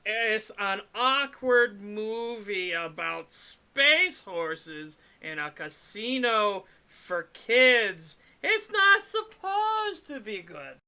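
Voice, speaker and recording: Guy doing a dumb nasal goofball voice, real bright and drawn out. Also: high-pitched, very animated, very slow, few pauses, clear, resonant tone, voice pushed up, exaggerated voice. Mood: goofy. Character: goofy dim-witted male voice, nasal. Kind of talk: joking put-on voice on a stream.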